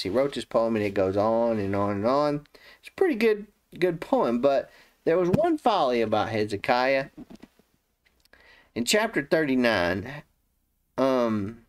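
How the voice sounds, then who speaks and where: Guy doing casual bible commentary, talks it through like a story, does the voices. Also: mid-range voice. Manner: conversational, retells the story in his own words; acts out the quoted speakers. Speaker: Bible teacher.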